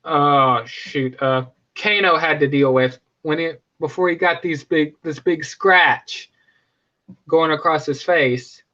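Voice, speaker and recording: A man's voice: on the high side, slow, sharp tone, muffled recording. A young man casually reviewing a movie, rambling with frequent restarts and fillers.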